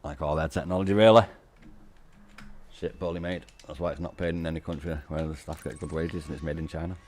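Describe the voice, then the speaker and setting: A man's voice: a bass voice, fairly even intonation, quick pace, darkish tone. A man, chatting casually on a game live stream, laughing often and swearing freely as he banters with chat. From Warrington, northwest England.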